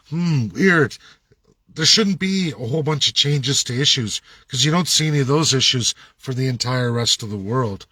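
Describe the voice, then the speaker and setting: A man rants hard, hammering his points with repeated rhetorical questions. His voice sits at an ordinary middle pitch. The sound is close and dry, with no room echo. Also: lively intonation, moderate pace, pushed and bright, breathy edge. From Canada. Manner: angry, repetitive, rhetorical questions. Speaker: political commentator. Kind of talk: ranting monologue.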